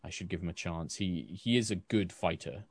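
A man voicing a female knight captain in a tabletop game, earnest and halting. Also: low-pitched, no echo. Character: stern, honor-bound female knight captain.

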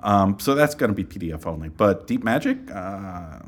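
A man with a fairly low voice chats on a podcast in an animated, jokey way. His pitch swings widely, and he jumps into high yelping tones whenever he acts out what someone said. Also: normal speed. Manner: animated, jokey, with sudden high yelps in quotes. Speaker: game publisher guest. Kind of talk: casual podcast chat.

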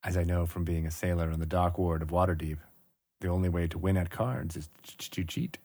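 A man's voice: low-pitched, fairly even intonation, fairly quick, darkish tone, no echo, voice pushed down. Guy doing a big easygoing sailor in a tabletop game, laid-back and jokey, dry close sound. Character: friendly burly male sailor, easygoing.

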